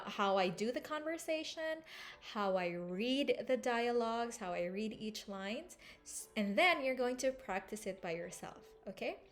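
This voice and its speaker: A woman teaching an English lesson, explaining and repeating phrases to show intonation. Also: mid-range voice. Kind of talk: language lesson.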